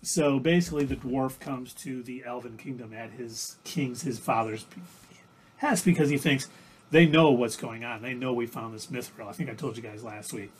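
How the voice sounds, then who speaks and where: A man's voice: medium pitch, moderate pace, a little hiss or hum. A man co-hosting a livestream, casually recapping TV episodes in a rambling, self-correcting way. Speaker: livestream co-host.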